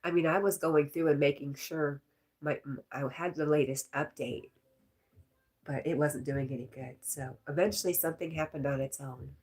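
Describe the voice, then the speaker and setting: A woman with a notably low voice chats easily on a live stream. She reads out viewer comments in a relaxed, talkative way and laughs often. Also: moderate pace. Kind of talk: casual live-stream chat reading comments.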